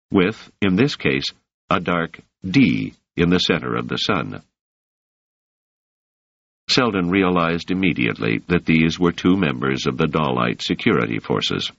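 A man reading a novel aloud in measured, expressive narration, in a slightly muffled recording. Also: rumbling low, creaky, no echo. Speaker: audiobook narrator. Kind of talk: scripted narration.

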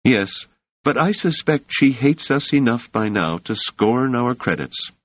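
A man's voice: mid-range voice, expressive, a little slow, a bit bright, no echo, pitched above the performer's own voice. A man voicing a cool, confident young woman who speaks dryly and firmly, in a slightly muffled recording. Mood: wry.

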